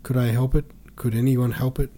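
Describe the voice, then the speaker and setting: A man's voice: mid-range voice, flat delivery, brisk, warm tone, slight background noise, voice pushed up, natural voice. A man reading as a tearful pleading woman. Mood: despairing. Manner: pleading, tearful, breathless run-on speech. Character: distraught middle-aged woman pleading with brother.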